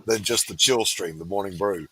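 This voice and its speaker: A man's voice: low-pitched, normal speed, slightly rough, no echo. A man co-hosting a livestream in casual chat, joking and teasing the others. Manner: joking, teasing, laughs loudly. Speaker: livestream co-host.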